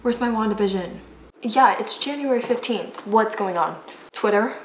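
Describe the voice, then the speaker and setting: A woman hosting a casual reaction video, excitable and chatty. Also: mid-range voice, moderate pace, slight background noise. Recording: echoey room with music behind.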